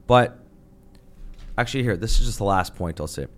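Heated man, low voice. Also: animated, moderate pace. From Canada. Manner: emphatic, heated, ranting. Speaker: podcast guest or host. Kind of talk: podcast discussion.

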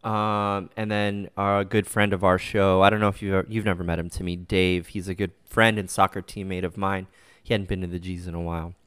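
Low-voiced guy hosting a chill fan podcast, smooth clean voice, rambles w fillers, dry close sound. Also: fairly quick, no room sound. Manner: relaxed, rambling with many fillers, laughs often. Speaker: podcast host. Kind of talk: casual fan podcast chat.

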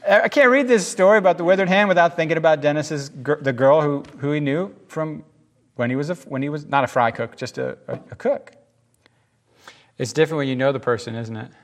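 A man preaching a sermon as pastor, with casual asides and lively storytelling in which he acts out the people he quotes. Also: on the high side, brisk.

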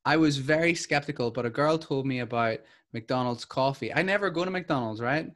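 A man's voice: mid-range voice, a little fast, a bit bright. A man chatting casually, easygoing and half joking. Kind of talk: casual chat.

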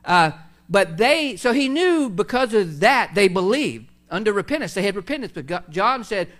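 Male pastor, high-pitched, informal preaching style with fillers. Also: sing-song, moderate pace, fairly bright tone. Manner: conversational preaching with many fillers and restarts. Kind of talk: sermon.

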